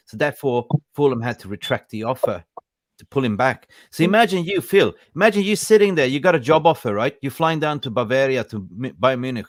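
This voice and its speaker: A man's voice: mid-range voice, expressive, a little fast, no room sound, clean studio sound. A man hosting a casual football podcast, chatty and jokey, greeting viewers by name. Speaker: podcast host. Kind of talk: casual live-stream football chat.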